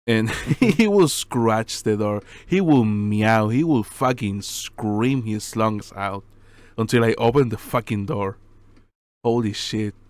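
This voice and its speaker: A man's voice: on the low side, slow, darkish tone, no echo. A man co-hosting a podcast in casual chat, laughing often and swearing, with some non-native phrasing. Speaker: podcast co-host.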